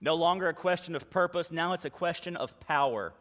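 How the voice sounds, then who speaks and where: Pastor preaching in an echoing hall. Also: male voice, a little high, brisk, fairly bright tone. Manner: conversational, emphatic repetition. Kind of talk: sermon. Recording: long reverb of a large hall.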